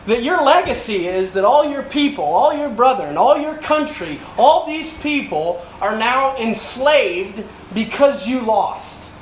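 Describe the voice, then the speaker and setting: A male pastor delivers a sermon in a fairly high voice, pressing his points through repetition and rhetorical questions. His voice rings through a roomy, echoey space. Faint room ambience sits underneath. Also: lively intonation, a little slow, few pauses, slight background noise.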